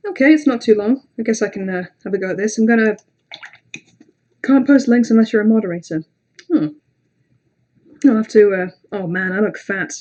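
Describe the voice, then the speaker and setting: Hosting a laid-back livestream, a woman speaks directly to her viewers at a normal pace with a medium-pitched voice. She rambles with fillers, restarts, casual swearing, self-deprecating asides, and long pauses.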